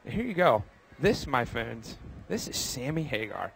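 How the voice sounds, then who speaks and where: Strolling through an outdoor racetrack garage, a young host gives live, upbeat commentary and greets viewers by name along the way. His mid-range voice is gravelly, very animated and unhurried, captured in poor audio with slight background noise.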